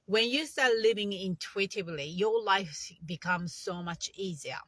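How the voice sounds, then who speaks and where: Female meditation coach, bright dry voice, chatty and instructional, English. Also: mid-range voice, animated, measured pace, no echo. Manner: chatty, non-native English phrasing, guiding breaths. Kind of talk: casual instructional talk.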